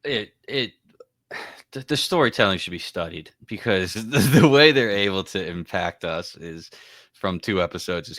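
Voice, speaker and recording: A man with a very deep voice recaps an episode on a podcast. He walks through it scene by scene and quotes the dialogue in a thoughtful, casual way. The mic is close and dry. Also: fairly bright tone, no room sound. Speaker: podcast co-host.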